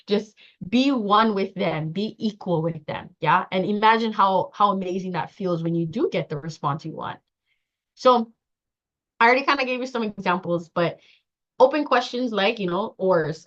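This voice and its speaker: A woman leading a workshop training session, talking in a lively way, acting out quoted dialogue and laughing often. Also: fairly low pitch. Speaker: trauma-informed care trainer. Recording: dull lo-fi sound.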